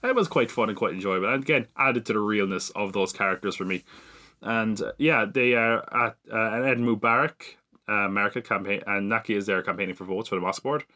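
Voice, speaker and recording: Brisk and fairly low in pitch, with a sharp edge, this man recaps an episode of the podcast he hosts in a casual chat, leaning on lots of filler words and making fun of himself along the way.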